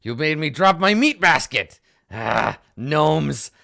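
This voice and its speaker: Man doing a loud, gruff gnoll guard; broken speech, pitched up. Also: very animated, takes it slowly, full character voice. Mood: grumpy. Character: surly male gnoll camp guard.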